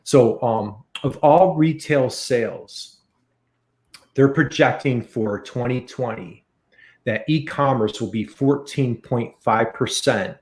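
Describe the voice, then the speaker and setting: A man's voice: mid-range voice, slow pace, a little mellow. Enthusiastic American man in an echoey room. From United States. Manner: enthusiastic, repeats key figures for emphasis. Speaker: guest. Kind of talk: podcast interview.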